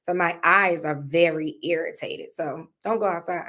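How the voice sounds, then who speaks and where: At home indoors, a woman vlogger talks casually and reflectively to her viewers about faith and feelings, often repeating her phrases. Her voice sits on the low side, pushed and bright, at a moderate pace.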